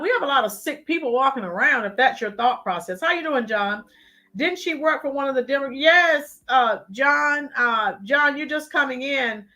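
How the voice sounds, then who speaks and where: A woman's voice: on the high side, bright, forceful tone. A woman hosting a live-stream, giving emphatic political commentary and talking to chat viewers by name. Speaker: channel host.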